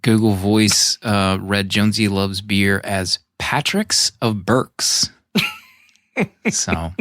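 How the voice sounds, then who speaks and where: Man, podcast host, fairly low voice, dry close-mic sound, easy laugh. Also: takes it slowly, no room sound. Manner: laughs easily, relaxed announcer tone. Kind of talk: casual chat, reading show notes and voicemails.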